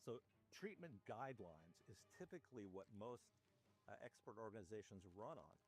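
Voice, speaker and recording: A man speaking as a guest physician in an interview, explaining in a measured way and often rephrasing. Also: fairly low pitch, very animated, rough recording. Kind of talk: interview discussion.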